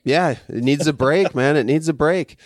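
A man's voice: fairly high pitch, normal speed, no room sound, studio quality. A man hosting a casual podcast chat, playful and fond of acting out quoted voices.

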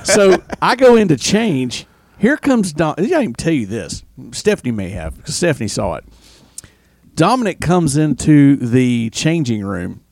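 Man, higher pitch, lively swinging voice, dry close sound, chatty storyteller. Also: moderate pace, no echo. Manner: animated storyteller who acts out quotes. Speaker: podcast co-host. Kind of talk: casual chat, storytelling.

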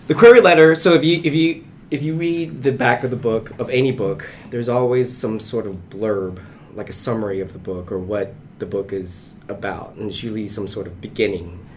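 A man's voice: on the low side, moderate pace, a little hiss or hum. A man, an aspiring novelist, talking casually in a panel discussion with many restarts and fillers. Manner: rambling, frequent restarts and fillers.

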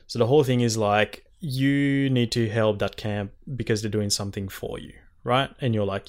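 A man's voice: on the low side, normal speed, hardly any pauses. A young man in casual chat, retelling game scenes animatedly and swearing a lot. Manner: animated, swearing, quoting characters in exaggerated voices.

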